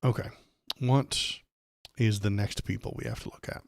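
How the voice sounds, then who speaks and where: Profane ranting male streamer, low voice. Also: expressive, normal speed, creaky, dry recording, studio quality. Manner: angry, profane and sarcastic. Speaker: livestream political commentator. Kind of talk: ranting live-stream commentary.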